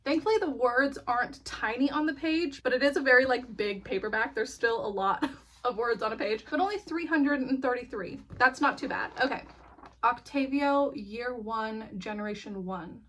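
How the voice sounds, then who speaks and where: A woman's voice: high-pitched, moderate pace, fairly bright tone. A young woman chatting casually as a book vlogger, bubbly and rambling, laughing often between asides.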